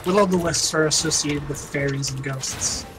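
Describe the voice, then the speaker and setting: A man's voice: fairly high pitch, moderate pace, background noise. A man streaming a game, chatting casually and explaining updates in an informative way. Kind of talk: casual gameplay chat.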